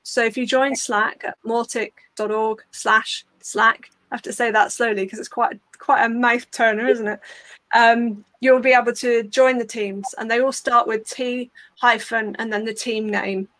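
A woman on a panel walking through practical steps in a clear, conversational way. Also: on the high side, fairly even intonation, normal speed, a bit bright, dry recording. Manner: clear, practical, step-by-step explaining. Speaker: open source community leader.

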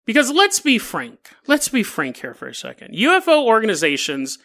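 A man's voice: high-pitched, wildly swooping pitch, moderate pace, pushed and bright. Joking podcast host man. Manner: joking, laughs often, wry asides. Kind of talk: casual storytelling podcast.

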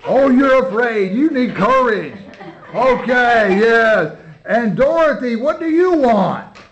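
A man's voice: very high voice, lively intonation, takes it slowly. A man directing and narrating a children's home play, coaching the kids through a rehearsal with patient, encouraging praise while he films. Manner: coaxing, encouraging, repeating praise. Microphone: handheld camera mic. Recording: slightly dull lo-fi camera audio with faint noise.

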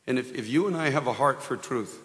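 A middle-aged American man preaching at a rally, his earnest voice sitting at an ordinary pitch and often breaking into prayer and praise. It was recorded in a large hall with a long, ringing reverb. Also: a little fast, a bit bright. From United States. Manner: earnest preaching with frequent restarts and prayerful exclamations. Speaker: pastor. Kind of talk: sermon at an evangelistic rally.

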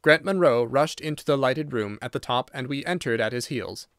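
A man narrating a classic detective audiobook in a steady, unhurried reading. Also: mid-range voice, no echo, studio quality. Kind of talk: scripted narration.

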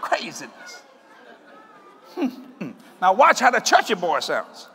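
A male preacher giving a sermon in an animated, joking way, often breaking into shouts. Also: high voice, slow pace, big-room sound, some chatter behind, a little hiss or hum.

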